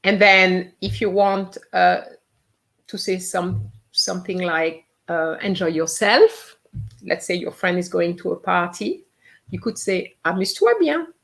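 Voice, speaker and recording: A woman's voice: on the low side, fairly even intonation, takes it slowly, creaky, a bit bright. A woman teaching a live online language lesson, patiently repeating each phrase to model its pronunciation. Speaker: French teacher.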